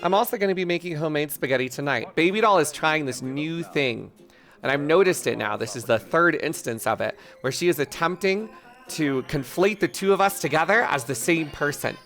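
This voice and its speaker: A man's voice: a little high, animated, fairly quick, a bit bright. A man streaming live, chatting casually with viewers in a rambling, self-mocking, profane way, with faint music behind. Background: faint music playlist.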